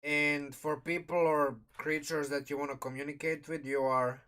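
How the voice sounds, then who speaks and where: Guy on a live stream going over a rulebook, kinda high voice, rambles and restarts, talking with his mouth full. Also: level tone, normal speed, sharp tone, smooth. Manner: rambling, thinking aloud with restarts. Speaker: streamer reviewing a game sourcebook. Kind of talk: casual live-stream commentary.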